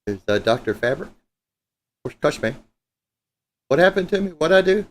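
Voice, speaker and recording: A man's voice: on the high side, very animated, moderate pace, slight background noise. A man hosting a live guitar stream, chatting loosely and joking with viewers, with a few profane asides. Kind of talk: casual live-stream chat. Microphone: streaming setup mic.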